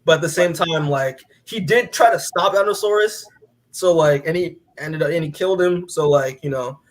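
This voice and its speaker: A man's voice: on the high side, moderate pace. A man casually recapping a comic book as a podcast co-host, rambling with lots of filler words and casual swearing.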